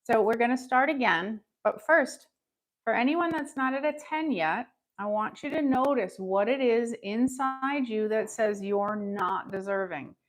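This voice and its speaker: A woman's voice: fairly high pitch, a little slow. A woman leading a live tapping session, upbeat and encouraging, reading out viewers' scores and having them repeat phrases after her. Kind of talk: guided tap-along with live chat check-ins.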